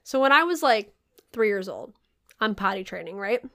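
A woman hosting a podcast in casual chat, telling stories with swearing and big jumps in pitch when excited. Her throat is a little sore. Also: moderate pace. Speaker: podcast host.

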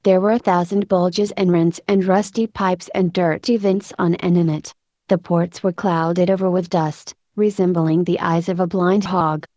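A woman narrating a story aloud in a measured, expressive audiobook style. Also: lowish voice, no room sound.

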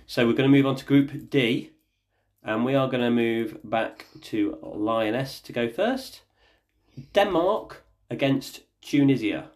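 A man's voice: medium pitch, a little slow. A man hosting a casual family podcast as the dad, chatty and jokey, leading the talk with questions.

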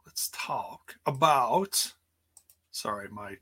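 A man in his forties hosts a livestreamed podcast with a bright, forceful tone. He talks slowly and playfully and often restarts his sentences in loose, casual chat. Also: mid-range voice, lively intonation. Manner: playful, rambling, with many restarts. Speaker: podcast host. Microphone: streaming setup.

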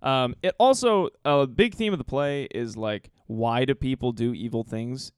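A man talks loosely on a podcast, swearing and laughing as he retells a story, trailing off into ums. His voice is smooth and clean, recorded close and dry with no room sound. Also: medium pitch, unhurried, dry recording. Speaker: podcast co-host telling the story. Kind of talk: casual chat.

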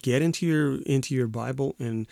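A man's voice: medium pitch, normal speed, vocal fry, mellow, dry recording, clean studio sound. A man co-hosting a faith podcast, earnest and easygoing, often repeating words as he restarts. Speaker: podcast co-host. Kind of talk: casual faith podcast chat.

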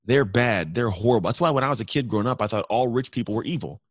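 A middle-aged man talking in a motivational conversation on a podcast, energetic, telling stories and pushing his voice up when he urges people on. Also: mid-range voice, racing, dry recording. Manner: energetic, storytelling, rising emphatically when urging. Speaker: podcast guest, former pro athlete.

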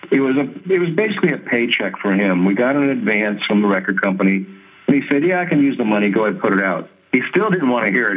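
A male guest musician tells his stories with animation, slipping into other people's voices as he quotes them. He laughs easily, and his voice sits at a medium pitch. The sound is thin and phone-like. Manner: animated storyteller who mimics others' voices and laughs often. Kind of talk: conversational storytelling in an interview. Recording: tinny phone-like line.

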